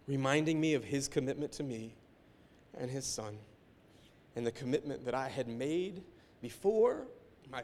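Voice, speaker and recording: A man preaching a sermon as a pastor, emotional, moving between hushed, near-whispered passages and forceful climaxes. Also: on the high side, in a large hall.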